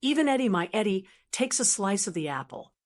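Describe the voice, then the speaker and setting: A woman's voice: medium pitch, lively intonation, a little fast. An older woman narrating a first-person family story in a reflective, emotional way.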